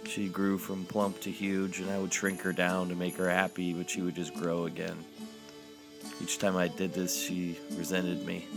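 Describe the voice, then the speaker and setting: A man reads a dark, comic first-person story in a flat, deadpan manner. His voice is very low and gravelly with plenty of fry. Faint music plays underneath. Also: normal speed.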